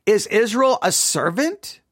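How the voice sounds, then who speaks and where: A man giving an informal Bible study talk, animated, acting out quoted lines with rising emphasis and conversational restarts. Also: high voice, slow, dry recording, clean studio sound. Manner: animated, voices God's words with rising emphasis. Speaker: Bible teacher.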